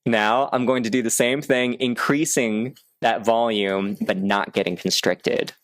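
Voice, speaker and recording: A man coaching public speaking in an upbeat, clear teaching manner, sometimes breaking off to demonstrate vocal exercises. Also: mid-range voice, steady tone, unhurried, no room sound. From United States. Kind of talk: instructional video talk.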